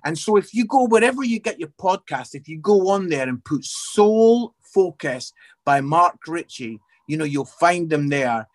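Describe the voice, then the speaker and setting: Scottish male guest, 40s, high voice, energetic storyteller. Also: moderate pace. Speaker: guest, Christian podcaster. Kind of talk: casual interview chat.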